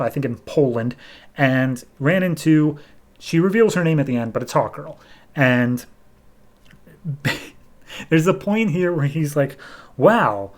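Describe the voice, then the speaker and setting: A man hosting a podcast, recapping a comic book in a loose, chatty way and paraphrasing what the characters say. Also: a little high. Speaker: podcast host.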